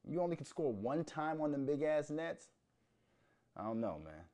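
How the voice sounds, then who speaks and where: A man's voice: a little high, sing-song, moderate pace, warm tone. A man hosting a casual solo podcast, talking bluntly with lots of swearing and joking. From United States. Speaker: podcast host.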